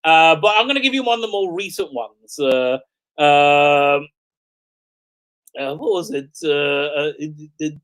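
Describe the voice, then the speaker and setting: A man's voice: fairly high pitch, unhurried, a bit bright. A middle-aged man hosts a casual livestream as a rabbi. He tells a story in a loose, rambling way. He laughs often and fills his sentences with fillers and restarts. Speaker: rabbi and show host.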